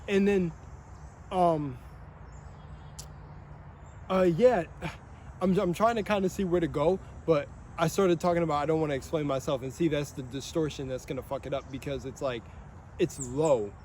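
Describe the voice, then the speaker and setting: High-voiced rambling young man outdoors. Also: slight background noise. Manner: rambling, excitable, swears often, laughs between phrases. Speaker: vlogger. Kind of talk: rambling monologue.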